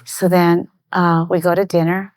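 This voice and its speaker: A middle-aged woman, a guest on a talk show, telling a personal anecdote in lively detail and acting out the voices of the people in it. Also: on the low side, a little slow, no echo. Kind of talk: storytelling in a conversation.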